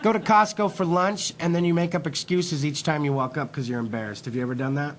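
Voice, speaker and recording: A man hosting a live internet talk show, telling a profane, rambling, excitable comedic rant. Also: on the high side, fast talker, a little hiss or hum.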